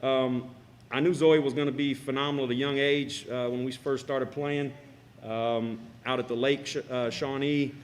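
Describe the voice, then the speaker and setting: Middle-aged man, halting and emotional, everyday mid-pitch voice. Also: steady tone. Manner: halting, choked up. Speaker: parent giving a speech. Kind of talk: emotional tribute speech. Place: school cafeteria.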